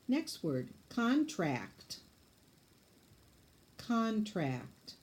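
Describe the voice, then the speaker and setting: A woman teaching spelling, dictating words slowly and patiently and sounding them out letter by letter. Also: mid-range voice, very animated, mellow.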